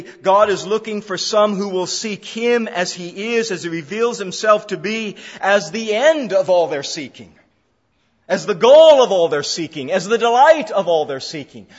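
A man preaching an expository sermon, emphatic, repeating phrases for stress. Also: high voice. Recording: dull lo-fi sound in a reverberant hall.

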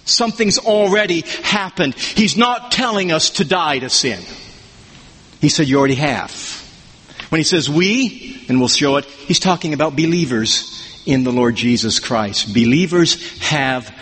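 A man preaching an expository sermon, emphatic and animated, swinging between loud declarations and low asides. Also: unhurried, husky. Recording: long hall reverb.

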